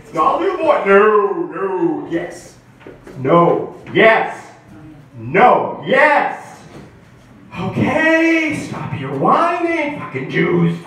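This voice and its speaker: A man's voice: sits high, very animated, drawn-out words, fairly bright tone, slight background noise, full character voice. A man doing a stand-up impression of the biblical patriarch Abraham, a whiny, incredulous old man bargaining with God. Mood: protesting. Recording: echoey club mic heard from far off.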